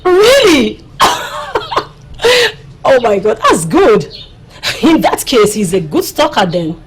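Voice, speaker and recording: A woman's voice: high voice, huge pitch swings, slow pace, husky, heavily acted. An actress with a Nigerian accent playing a playful, teasing young village woman gossiping with her friend in a Nollywood drama. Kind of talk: Nollywood film acting.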